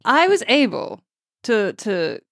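A woman on a comedy podcast voicing a calm, genteel British woman, measured and prim. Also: fairly high pitch, no room sound, studio quality, heavily acted. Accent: put-on British. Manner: measured, prim, keeps adding "mind you".

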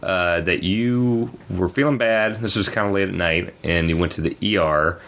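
A man's voice: low voice, moderate pace, gravelly, fairly bright tone. A man hosting a casual podcast chat, rambling and teasing. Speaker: podcast host. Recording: faint background noise.

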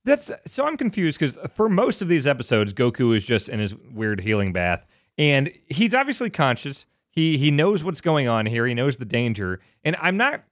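A man co-hosting a casual anime recap chat, animated and swearing freely. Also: mid-range voice, normal speed, no echo, clean studio sound. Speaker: podcast co-host.

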